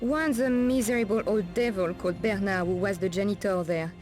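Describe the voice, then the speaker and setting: An actress plays a wary, streetwise woman of the night streets, speaking with a French accent and French endearments in a guarded, cautioning way. Her voice is mid-range and darkish, brisk and close to everyday speech, with faint music behind.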